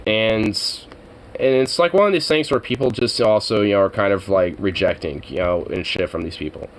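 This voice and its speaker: A man's voice: fairly low pitch, moderate pace, poor audio. A man chatting casually on a livestream, rambling and swearing freely between laughs. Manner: rambling, profane, laughing asides.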